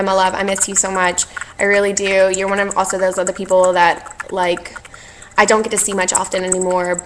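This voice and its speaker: A young woman with a drawl speaks straight to her camera in a heartfelt thank-you vlog. Her voice sits at an ordinary middle pitch. She gushes and rambles with warm affection, breaking into small laughs as she goes, over a faint hiss of background noise. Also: rough recording. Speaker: vlogger.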